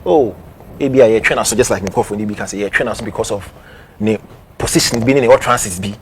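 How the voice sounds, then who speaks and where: A man's voice: on the low side, fairly quick, a little hiss or hum. Ghanaian man explaining point by point. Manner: explains point by point, laughs in between. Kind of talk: news commentary talk show.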